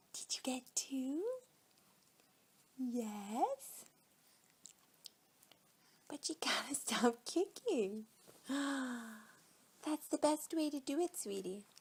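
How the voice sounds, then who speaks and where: A woman in her thirties talking to her baby in slow, sing-song baby talk, half-whispered at times, at home during a diaper change. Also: high-pitched.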